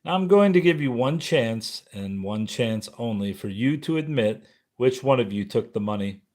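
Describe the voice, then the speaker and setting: A man's voice: medium pitch, animated, a little mellow, close to an everyday voice. A man reading as a stern, threatening father. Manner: cold, threatening, measured. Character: stern angry father, middle-aged man.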